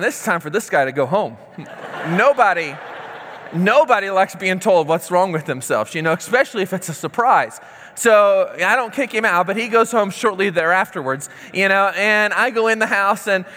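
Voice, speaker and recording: A man preaching a sermon and telling a story, acting out quoted dialogue in lively voices. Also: high voice. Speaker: pastor. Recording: long hall reverb.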